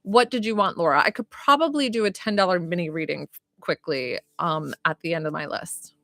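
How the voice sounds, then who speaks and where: A woman's voice: lowish voice, fairly quick, gravelly, sharp tone, no echo, studio quality. A woman giving live-stream psychic readings, chatty and giggly, full of likes and ums. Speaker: psychic reader.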